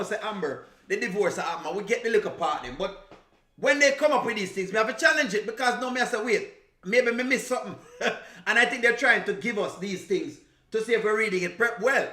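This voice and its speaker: A reaction streamer from Jamaica chats casually on a live stream in a Jamaican accent, teasing, laughing and slipping into patois. His high voice has a sharp tone and a roomy sound.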